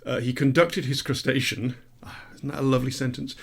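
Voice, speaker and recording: A man's voice: medium pitch, steady tone, fairly quick, creaky, husky. A man co-hosting a podcast in casual chat, with dry, self-mocking asides. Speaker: podcast co-host.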